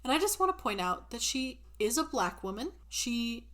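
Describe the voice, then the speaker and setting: A woman's voice: on the high side, very animated, normal speed, a bit bright. A woman co-hosting a podcast, casually and sarcastically retelling a movie's plot with laughs. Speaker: podcast co-host. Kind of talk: casual chat recapping a movie.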